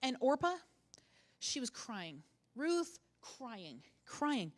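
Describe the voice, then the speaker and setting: A middle-aged woman pastor preaching with a fairly high voice. She talks to the congregation as if chatting, drops in joking asides, and repeats key lines for emphasis. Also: very animated, drawn-out words. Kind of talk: sermon.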